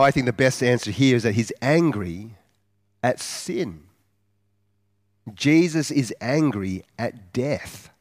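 A man delivering a sermon at an unhurried, deliberate pace, leaning on rhetorical questions and drawn-out words for emphasis. His voice sits at a middle pitch and is recorded close and dry, with no room sound. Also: a little mellow, no echo. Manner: earnest, measured preaching with rhetorical questions; slows down for emphasis. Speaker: preacher.

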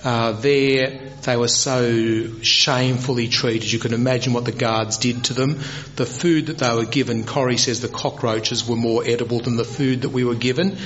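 A man preaches a sermon in a middle-pitched voice. He tells the story with energy and often climbs sharply in pitch. The recording sounds a little dull and lo-fi. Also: moderate pace. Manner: animated, rises high when voicing Moses.

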